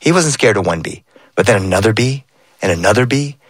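A middle-aged man telling a family story as a storyteller, lively and playful. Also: fairly low pitch, a little fast, slightly rough, no echo. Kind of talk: oral storytelling performance.

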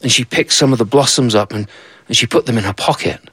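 A man's voice: medium pitch, fast talker, fairly bright tone, breathy edge, no room sound. A man telling a folktale aloud, with conversational asides to the listener. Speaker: storyteller. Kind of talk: told folktale.

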